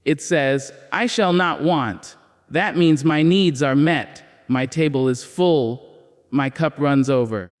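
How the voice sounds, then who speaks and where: A man giving a preaching motivational speech, with solemn, emphatic declarations and repeated phrases. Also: on the high side. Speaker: motivational speaker. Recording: long hall reverb.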